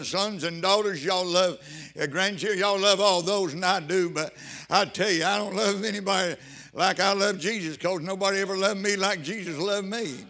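Fervent older preacher man. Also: sits high. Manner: fervent preaching, rising to shouted praise. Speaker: pastor. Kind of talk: sermon.

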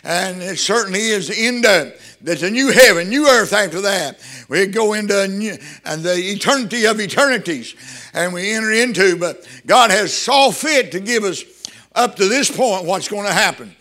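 An older man preaching a sermon, fervent and breaking into shouts of praise. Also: high-pitched, animated, moderate pace.

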